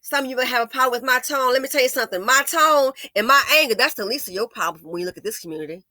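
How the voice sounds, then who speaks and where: A woman's voice: a little high, steady tone, rapid-fire, bright, forceful tone, dry recording, studio quality. A woman hosting a commentary video, ranting in an angry, profane, scolding way. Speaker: commentary channel host. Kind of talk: blunt commentary rant.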